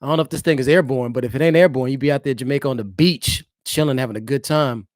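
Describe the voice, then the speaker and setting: A man, a married father, hosts a casual live stream from his home. He talks loosely and straight to his viewers at a middling pitch, and the sound is dry and close. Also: fast talker, no room sound. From eastern United States. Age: adult, married father. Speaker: livestream host.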